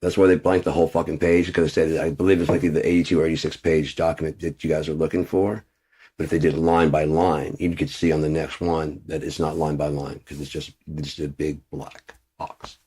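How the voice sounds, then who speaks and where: A man with a very low, deep voice ranting into the camera. He swears in nearly every sentence and drops into muttered asides between his complaints. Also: little pitch movement, brisk, warm tone, slightly rough. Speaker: vlogger. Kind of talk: profane ranting monologue.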